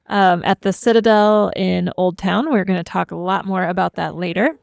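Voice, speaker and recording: A woman's voice: lowish voice, normal speed, gravelly, dry recording, studio quality. A woman co-hosting a podcast, presenting fantasy world lore in a playful, chatty way, running through facts with light humor. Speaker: podcast co-host.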